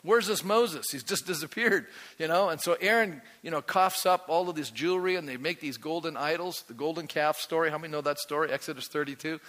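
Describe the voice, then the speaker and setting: A man preaching from the pulpit with a bright, forceful, slightly high voice that carries across a large church. He keeps turning to the congregation with questions, and a long reverb tails off every phrase. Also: quick pace, hardly any pauses. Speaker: pastor. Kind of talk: sermon.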